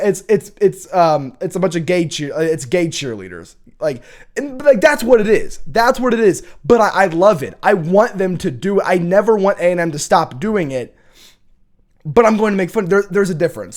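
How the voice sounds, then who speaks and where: A young man hosting a college football show, talking in a casual, opinionated, rambling rant with many restarts. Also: high voice.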